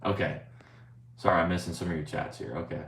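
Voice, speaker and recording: A man's voice: deep voice, fairly even intonation, fast, vocal fry, a bit bright. A young man chatting casually on a live stream, rambling and swearing, often saying "bro" and reading viewer chat aloud. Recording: roomy, faint ambient noise.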